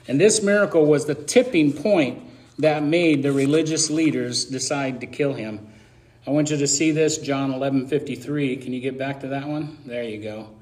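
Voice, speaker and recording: A man's voice: medium pitch, normal speed, darkish tone. A middle-aged man preaching a sermon in a conversational, emotional way, with self-deprecating asides.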